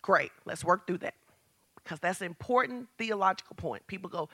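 A woman pastor preaching a lively sermon, asking the congregation questions and building to shouts. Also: on the low side, a little fast. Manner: talks straight to the congregation with questions.

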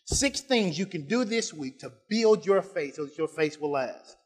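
A male pastor preaching a sermon, dropping to quiet asides and rising to shouted emphasis, repeating phrases and drawing out scripture lines. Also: a little high, lively intonation, normal speed. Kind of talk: preaching a sermon with call-and-response.

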